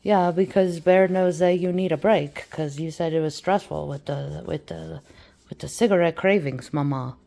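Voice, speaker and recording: A woman's voice: low voice, moderate pace, creaky, mellow. A woman voicing her affectionate male pet dog, a loyal good boy, speaking to her in a home kitchen. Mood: caring.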